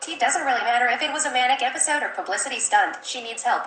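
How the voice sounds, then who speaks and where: A woman reading viewer comments aloud in an even, flat way. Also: fairly high pitch, fast talker, roomy sound, a little hiss or hum, rough recording.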